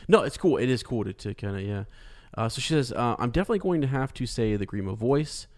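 Lively, easily laughing male podcast host. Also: mid-range voice, fast. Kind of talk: casual podcast chat.

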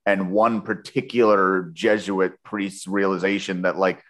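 Rambling, joking man with a low voice. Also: level tone, a little slow, fairly bright tone. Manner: rambling, jokey, swears casually. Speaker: podcast host. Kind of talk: casual book-club chat.

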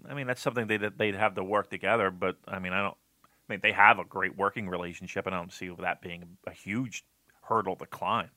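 A podcast co-host argues his views emphatically in casual discussion, animated and full of restarted sentences and fillers. His low-sitting voice is bright and forceful, recorded close and dry with no room sound.

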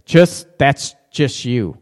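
A man's voice: mid-range voice, sing-song, extremely slow. Frank chatty male show host, reverberant. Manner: candid, frank, chatty with frequent restarts. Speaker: relationship talk show host. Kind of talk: live-stream chat reading viewer comments.

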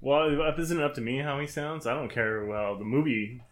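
A man's voice: medium pitch, normal speed. A man co-hosting a podcast in casual chat, with dry, teasing banter. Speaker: podcast co-host.

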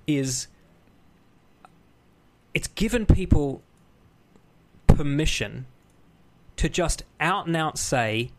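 Opinionated guy on a podcast, blunt and sweary, a bit higher voice. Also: lively intonation, very slow, pauses often. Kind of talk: casual chat.

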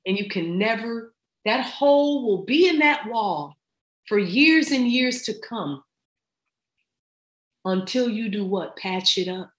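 A woman's voice: medium pitch, animated, slow, long pauses. A middle-aged woman talking as a podcast guest in casual chat, emphatic and slangy as she gives advice. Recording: roomy echo.

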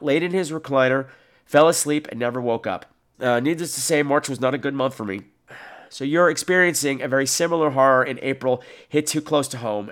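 A man's voice: medium pitch, fairly bright tone. A man hosting a casual solo podcast, reading listener mail aloud in a campy, sassy, wisecracking way. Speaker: podcast host.

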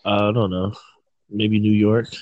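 A man's voice: fairly low pitch, level tone, a little slow, dry recording, highs cut off. A man from Virginia, hosting a casual chat and rambling as he searches for words. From Virginia, United States. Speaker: host.

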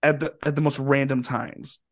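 A young man from Indiana, a podcast guest and musician, telling stories in a rambling, animated way and swearing freely. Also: mid-range voice, normal speed. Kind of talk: casual storytelling.

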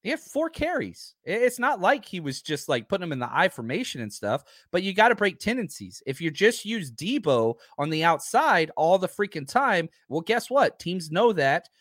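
Man, live stream host, casual chat, slightly high voice, dry sound, animated, repeats himself. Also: moderate pace, hardly any pauses, dry recording. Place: home.

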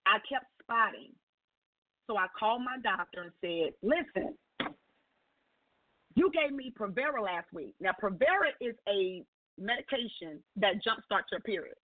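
A woman guest on a call-in radio show, telling a personal testimony in a lively storytelling way and acting out the dialogue. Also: medium pitch, normal speed, no room sound. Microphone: phone. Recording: tinny phone line.

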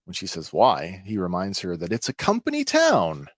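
Rambling low-voiced podcast host. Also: male voice, huge pitch swings, brisk, dry recording, clean studio sound. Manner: chatty, many filler words, laughs easily. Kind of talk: casual episode recap.

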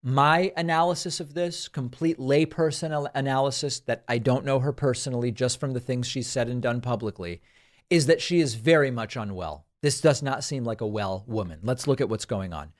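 A man's voice: mid-range voice, normal speed. A man hosting a political talk show, speaking in a mid-range voice. He delivers a pointed commentary monologue, leaning on repeated phrases to drive his points home. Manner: emphatic, repeats phrases for stress.

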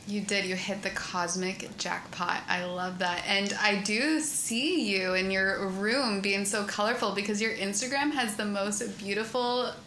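A woman's voice: medium pitch, steady tone, unhurried, few pauses, pushed and bright, roomy sound, a little hiss or hum, poor audio. A woman hosting a podcast, effusive and gushing as she asks her guest questions. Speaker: podcast host. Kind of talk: casual podcast interview.

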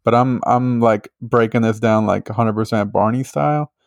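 A man's voice: mid-range voice, steady tone, moderate pace, creaky, no room sound, clean studio sound. A man hosting a podcast, chatting casually in a rambling way with many fillers and frequent swearing. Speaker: podcast host. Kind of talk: casual chat.

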